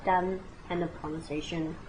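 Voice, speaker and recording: Animated woman in her late twenties. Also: deep voice, normal speed, slight background noise, poor audio. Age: 20s. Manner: animated and dramatic, with exclamations and asides to the viewer. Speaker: vlogger. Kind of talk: comic personal storytelling to camera.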